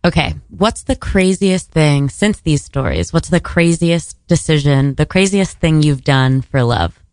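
A woman's voice: low-pitched, expressive, unhurried, darkish tone, no room sound. A woman hosting a radio interview, asking questions in a supportive, reassuring way. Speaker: radio host. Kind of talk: casual interview chat.

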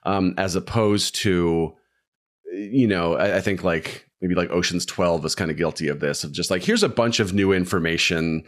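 A man's voice: low-pitched, normal speed. A man co-hosting a podcast, giving a meandering, self-interrupting take on films in casual chat. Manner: meandering, self-interrupting analysis with many fillers. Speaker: podcast co-host discussing films.

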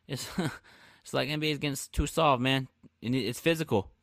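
Dude hosting a casual live stream, loud brash trash talk, laughs a lot, dry close mic, medium pitch. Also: male voice, moderate pace, no room sound. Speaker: podcast host.

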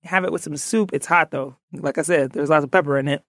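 A woman from Ghana, a podcast guest, chatting in an animated, playful way and laughing often. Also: low voice, fast, no echo, clean studio sound. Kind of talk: casual interview chat.

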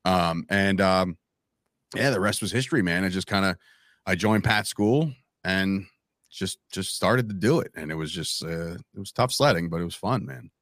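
Guy on a podcast telling wrestling-school stories, kinda low voice, says bro a lot, dry close sound. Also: moderate pace, no room sound. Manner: animated, acts out quoted lines, says "bro" and "man". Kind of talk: casual storytelling chat.

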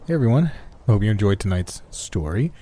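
A man who hosts a show, narrating a classic horror story and chatting casually, often pausing to search for words. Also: lowish voice, sing-song, mellow, a little hiss or hum. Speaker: podcast host, story reader.

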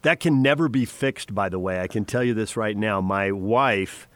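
A man's voice: on the low side, normal speed, a bit bright. A male host who chats with his guest in a teasing way and tells little stories to make his point. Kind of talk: casual interview.

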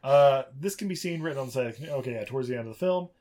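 A man's voice: medium pitch, animated, very fast, mellow. A man co-hosting a casual movie podcast, joking around, laughing often and swearing freely. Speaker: podcast co-host.

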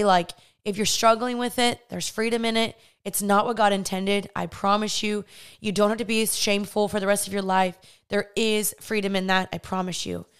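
A woman's voice: medium pitch, a bit bright, clear, resonant tone. A young woman podcast host telling a personal faith testimony in a candid, earnest, chatty way.

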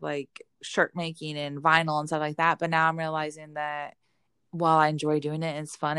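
A woman in her thirties with a low voice talks candidly and rambles, dropping fillers as she goes. The sound is dry and close. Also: a bit bright, smooth, no room sound. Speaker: podcast co-host. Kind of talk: casual chat.

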